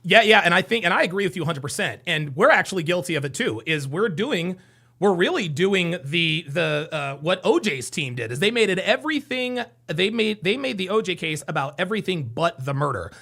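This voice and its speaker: Male stream host taking callers, high lively voice, quick to agree. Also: gravelly. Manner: animated, agreeable, quick reactions. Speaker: livestream host. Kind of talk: casual call-in chat.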